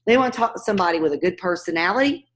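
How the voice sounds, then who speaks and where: A woman's voice: lowish voice, lively intonation, very fast. Woman, real estate coach, upbeat, direct, classroom teaching. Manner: upbeat, direct, addresses students by name. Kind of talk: teaching a cold-calling class.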